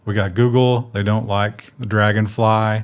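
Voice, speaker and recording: A man's voice: on the low side, little pitch movement, unhurried. A man co-hosting a casual tech news show, full of sarcastic jokes and asides.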